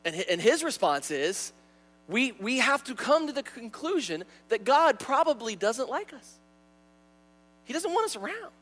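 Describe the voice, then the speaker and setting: Young male pastor, high-pitched, animated sermon delivery, stumbles on repeated words. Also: normal speed. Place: church sanctuary.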